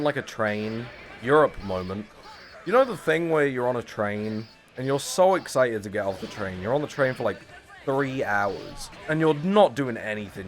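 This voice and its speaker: Young man, twenties, streamer, casual gaming chatter, self-mocking jokes, middle pitch. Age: 20s. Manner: rambling, jokey and self-mocking, talking to chat.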